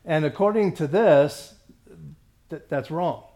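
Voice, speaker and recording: This Bible study teacher's voice is mellow and on the high side as he slowly reads from scripture. He keeps clearing his throat, stumbling, and repeating himself.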